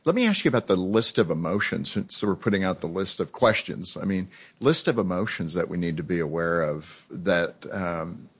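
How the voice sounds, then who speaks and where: A man hosting an interview, chatting in a relaxed, conversational way. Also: deep voice, moderate pace, hardly any pauses, husky. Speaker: radio show host. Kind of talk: casual interview chat.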